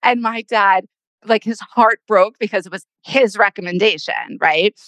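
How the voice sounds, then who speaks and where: A middle-aged woman co-hosting a podcast, telling a story in an animated way and acting out what people said. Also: mid-range voice, measured pace, dry recording. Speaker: podcast co-host. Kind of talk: casual chat.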